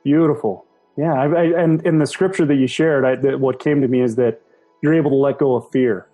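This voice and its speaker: Mellow-voiced male interviewer, supportive. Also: medium pitch, fairly even intonation, a little fast, soft background music. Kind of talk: interview, brief affirmations.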